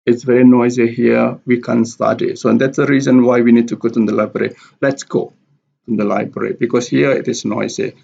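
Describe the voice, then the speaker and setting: A man teaching English pronunciation, explaining stress and repeating example words slowly and deliberately. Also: medium pitch, flat delivery, vocal fry, dark tone, breathy edge. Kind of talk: slow explanatory lesson with spoken examples. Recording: dull lo-fi recording.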